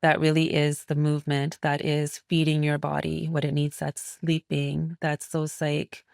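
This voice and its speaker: A woman's voice: sits low, completely flat delivery, unhurried, vocal fry, darkish tone, dry recording, studio quality. A woman naturopathic physician speaking as a guest in an interview, explaining in a reflective, flowing way. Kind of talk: interview conversation.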